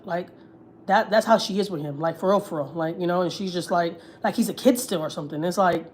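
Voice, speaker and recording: A woman's voice: fairly low pitch, brisk, a little hiss or hum. A young woman from Texas, a family vlogger, chatting candidly on a livestream, full of swearing and filler words. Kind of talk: casual livestream chat.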